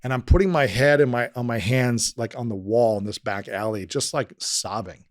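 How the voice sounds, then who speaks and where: A man, a podcast guest, telling a personal story in conversation, earnest and emotional, often dropping quiet and slowing down. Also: medium pitch, dry recording, studio quality.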